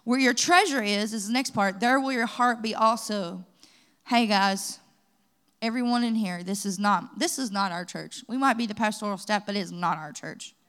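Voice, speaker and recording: A woman's voice: medium pitch, normal speed, smooth. A woman from the pastoral staff with a Kentucky accent, preaching at a church Bible study and mixing personal testimony with scripture. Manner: lively storytelling, rising to exhortation. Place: church sanctuary.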